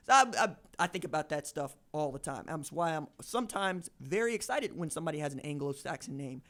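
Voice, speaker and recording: A man hosting a casual sports podcast, telling animated stories and acting out quoted voices. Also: a little high, fast, few pauses. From Tulsa, Oklahoma. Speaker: podcast host.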